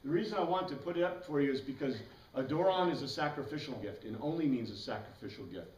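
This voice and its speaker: This Bible class teacher speaks fast and expressively, his voice a little high and a little mellow. He walks through terms patiently, spelling certain ones letter by letter and breaking into eager asides, recorded from a distance in an echoey room.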